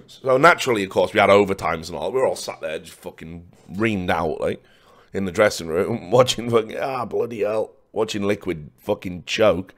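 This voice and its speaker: A tired, hoarse man giving blunt, profane esports match analysis. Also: deep voice, normal speed, fairly bright tone.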